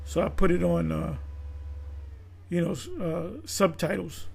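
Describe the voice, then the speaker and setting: A man's voice: sits high, steady tone, unhurried, gravelly, a little mellow, husky. A man giving a rambling commentary monologue, full of restarts and fillers. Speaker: video commentator.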